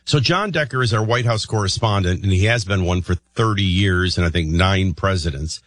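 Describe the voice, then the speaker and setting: A man hosting a morning talk radio show, rambling and thinking out loud with many restarts. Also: low-pitched, brisk.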